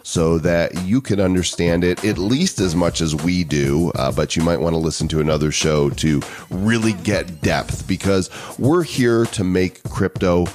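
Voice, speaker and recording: A man's voice: low voice, a little slow, few pauses, darkish tone, faint music behind. A man co-hosting a podcast, opening with hype and joking banter. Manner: playful, hype-style announcer delivery. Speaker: podcast co-host.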